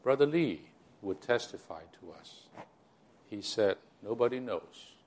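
A man's voice: lowish voice, very animated, a little slow, a little mellow. An older man speaking to a church gathering, recalling its early history in a rambling way, full of restarts and direct asides to his listeners. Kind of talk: sermon-style recollection.

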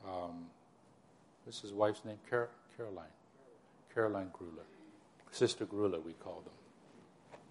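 A man's voice: sits low, measured pace, long pauses, darkish tone, a little hiss or hum. An older man speaking to a church gathering, recalling its early history in a rambling way, full of restarts and direct asides to his listeners. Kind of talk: sermon-style recollection.

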